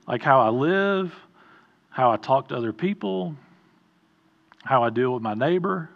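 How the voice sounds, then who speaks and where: A man's voice: mid-range voice, animated, moderate pace, gravelly, long pauses, lo-fi sound. A middle-aged man preaching an informal sermon in a conversational way, often stopping, restarting and adding asides.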